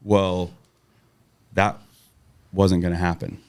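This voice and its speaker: A middle-aged man from Southern California casually telling a profane story as a podcast guest, acting out quotes loudly. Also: deep voice, little pitch movement, slow, clean tone.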